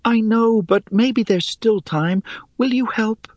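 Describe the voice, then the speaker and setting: A man's voice: high voice, slow pace, darkish tone, no room sound, highs cut off, pitched above the performer's own voice. A man voicing an earnest young girl who pleads urgently, in a storybook reading. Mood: pleading.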